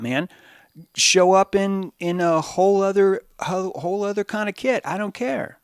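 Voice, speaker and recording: A man's voice: fairly high pitch, no echo, studio quality. A man hosting a podcast, delivering a rambling, profane monologue commentary. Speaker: podcast host.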